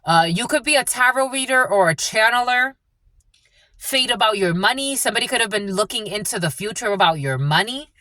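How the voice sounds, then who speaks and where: Woman, spiritual reader, rambling and profane, bright tone, dry recording. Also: on the high side, animated, fairly quick, no room sound. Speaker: spiritual channeler and tarot reader. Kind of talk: casual intuitive reading monologue.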